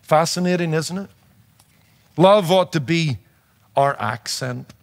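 A man preaching with a fairly high voice and a noticeable accent that is not local to his listeners. He leans hard on key words and throws rhetorical questions at the congregation, with touches of humor. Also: slow. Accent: non-native to his audience, noticeable. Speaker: pastor and radio preacher. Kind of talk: sermon.

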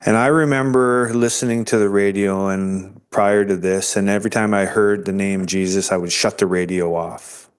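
A man earnestly recounting a life-changing experience as an interview guest, halting and restarting as he goes. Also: lowish voice, fairly even intonation, smooth. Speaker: guest sharing his testimony. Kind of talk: emotional storytelling.

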